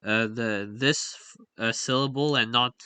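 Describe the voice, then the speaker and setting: Slow, hesitant man with a crisp voice. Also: medium pitch, fairly even intonation, bright, forceful tone, dry recording. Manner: hesitant, many fillers and self-corrections. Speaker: language hobbyist explaining stress patterns. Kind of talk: casual explainer with on-screen examples.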